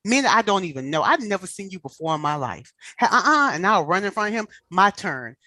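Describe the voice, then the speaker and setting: A woman in casual chat, telling animated stories and acting out the people she quotes. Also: medium pitch, quick pace, no room sound.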